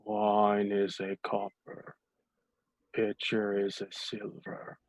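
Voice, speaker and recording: A man voicing a bleary, slow-witted, portly, balding male bartender who speaks slowly and monotonously. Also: lowish voice, no echo. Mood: dull, bleary.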